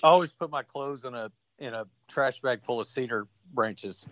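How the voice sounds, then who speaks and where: A man's voice: medium pitch, normal speed, dry recording. A man hosting a casual chat, with brief, easygoing remarks. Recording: dry, dull lo-fi line.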